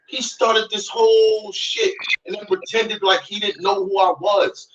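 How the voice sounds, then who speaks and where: Shouting man ranting in an echoey room. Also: sits high, very animated, a little slow, creaky, recorded from a distance, muffled recording. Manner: shouting, repeating lines for emphasis. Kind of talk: heated rant from a played clip.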